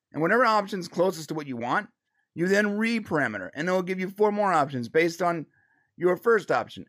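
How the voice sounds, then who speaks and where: A man co-hosting a live show, chatting casually with many restarts and laughs. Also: high-pitched. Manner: animated, restarts a lot, laughs. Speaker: co-host of a live pop culture show. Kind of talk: casual chat.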